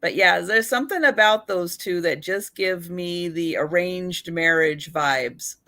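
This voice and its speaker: A woman chats her way through a live online photo sale, giggling and laughing between remarks. She talks at a slow pace in a fairly low, sharp-toned voice.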